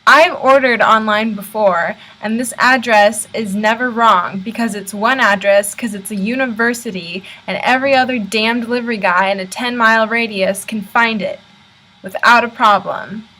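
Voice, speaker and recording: A woman's voice: on the high side, fairly even intonation, normal speed, bright, forceful tone, rough recording. A young American woman ranting in a casual vlog, filmed on a laptop's built-in mic in her university room. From United States. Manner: chatty, exasperated ranting. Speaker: vlogger. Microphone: laptop built-in camera mic.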